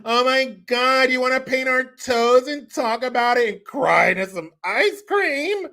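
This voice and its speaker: A man's voice: very high-pitched, lively intonation, unhurried, sharp tone, pitched above the performer's own voice, heavily acted. A man doing a gushing, whiny young fiancé. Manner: gushing, sing-song and exaggerated.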